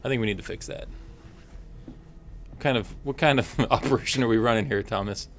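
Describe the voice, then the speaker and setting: A man's voice: mid-range voice, a little fast, a bit bright, soft background music. A man hosting a casual game livestream, chatty and upbeat, with frequent fillers. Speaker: stream host.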